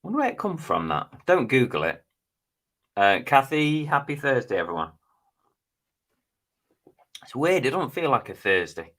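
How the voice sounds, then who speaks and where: A man's voice: mid-range voice, very animated, moderate pace, long pauses, a bit bright. A middle-aged man, hosting a casual live stream and chatting as he reads out viewers' names and comments. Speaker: live stream host reading chat.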